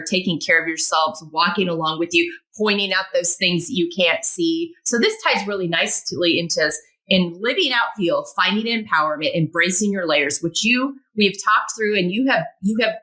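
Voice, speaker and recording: A woman hosting a podcast interview, affirming her guest often with quick agreements and laughter. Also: lowish voice. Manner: warmly affirming, frequent short agreements. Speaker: podcast host. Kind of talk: casual interview chat.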